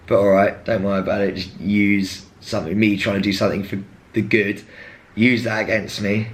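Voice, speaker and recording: A young man, talking casually and frankly to camera, rambling and jumping into animated impressions of others. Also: on the low side, normal speed. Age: young adult. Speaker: former contestant.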